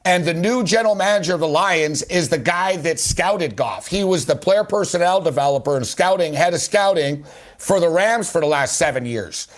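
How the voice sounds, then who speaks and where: A man hosting a sports talk radio show, arguing his takes on football trades in an animated, rapid way. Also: a little high. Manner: animated, rapid, argumentative, keeps addressing his guest.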